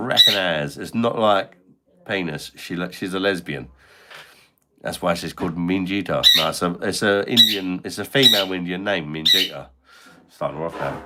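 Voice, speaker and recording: A man's voice: low-pitched, moderate pace. A man hosting a casual live stream, bantering and swearing at his noisy pet bird while reading chat comments. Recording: loud parrot squawks behind.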